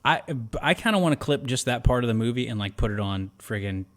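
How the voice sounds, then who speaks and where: A man's voice: medium pitch, fast talker. Man animatedly recapping a movie. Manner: animated, acts out movie lines in quotes. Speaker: podcast co-host. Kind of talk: casual movie review chat.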